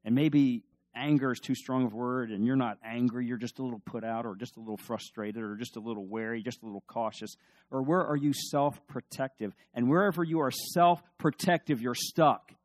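Pastor preaching, hushed to emphatic. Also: male voice, medium pitch, steady tone, fairly quick, dry recording. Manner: storytelling, swings from hushed to emphatic, asks the audience questions. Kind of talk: sermon.

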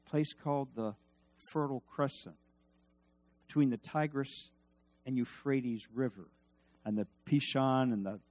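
A male preacher giving a sermon, swinging between loud emphasis and hushed asides and leading the congregation in call-and-response. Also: mid-range voice, unhurried, long pauses, faint music behind.

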